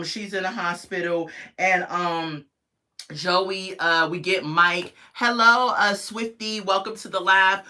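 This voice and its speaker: Chatty woman with a bright, forceful voice. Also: fairly low pitch. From United States. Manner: chatty, opinionated, talks to viewers in chat. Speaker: reality show reviewer hosting a livestream. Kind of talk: casual livestream review.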